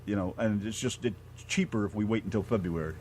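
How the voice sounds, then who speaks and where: A man from Ohio co-hosting a casual radio show, folksy and blunt, quick to laugh. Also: on the low side, darkish tone, a little hiss or hum. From Ohio, USA. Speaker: radio co-host.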